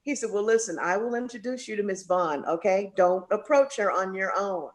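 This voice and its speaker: A woman jazz singer being interviewed, telling a story with lots of voices for the people in it. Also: normal speed. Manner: animated storyteller, acts out quoted voices with big pitch jumps.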